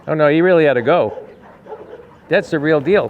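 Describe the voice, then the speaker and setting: A man's voice: on the high side, normal speed, long pauses, lo-fi sound, noisy background. A man who rescues animals, talking casually to the camera and coaxing his dogs outdoors with repeated calls. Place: outdoor dog yard.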